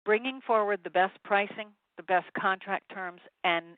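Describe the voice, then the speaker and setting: Speaking at medium pitch and a moderate pace, a consultant delivers direct advice to sales teams in a webinar, punctuated by frequent "um" fillers. The recording is dry, tinny phone-line audio.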